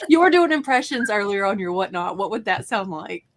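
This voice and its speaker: A woman's voice: medium pitch, expressive, a little fast. A woman with a Southern drawl hosting a casual livestream, chatting with her co-host and reading out viewer comments.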